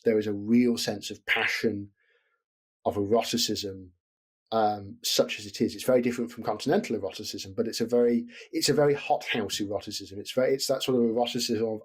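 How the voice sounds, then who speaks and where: Man, husky voice, podcast guest, rambling, lots of restarts. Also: on the low side, a little fast. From Britain. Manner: discursive, restarts and qualifies often. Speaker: podcast guest, film scholar. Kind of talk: casual chat.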